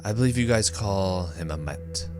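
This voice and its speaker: A measured, courteous machine mind in a tabletop space game, as a man puts it on, with a lowish male voice that settles even lower and quieter as it speaks. Each word comes slowly and formally. Music runs under the voice. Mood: calm, formal. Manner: slow, measured, politely formal. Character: calm male ship AI, robot head in a wall.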